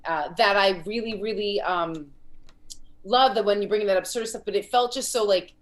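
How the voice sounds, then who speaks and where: A woman's voice: mid-range voice, moderate pace. A woman in her thirties hosting over a video call, giving a comic rambling, encouraging feedback. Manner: warm praise, rambling with fillers and restarts.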